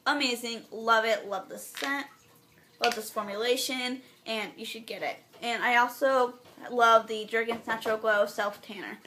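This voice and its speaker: A bright-voiced teenage girl, a little high in pitch, talks through her monthly favorites in a bubbly, gushing way. She rambles and restarts, then drops into soft, near-whispered asides. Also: moderate pace, a little hiss or hum. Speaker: beauty vlogger. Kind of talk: casual favorites vlog.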